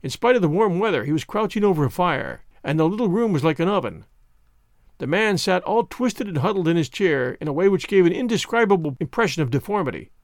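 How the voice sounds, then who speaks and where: A man narrating a classic story as an audiobook, in an expressive reading manner. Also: high-pitched, dry recording, clean studio sound.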